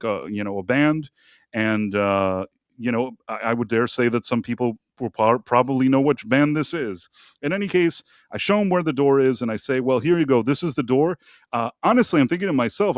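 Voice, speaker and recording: Male host, mid pitch, loose rambling storyteller, dry booth sound. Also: no echo. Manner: rambling, many fillers and asides. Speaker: podcast host. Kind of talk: casual storytelling on a live show.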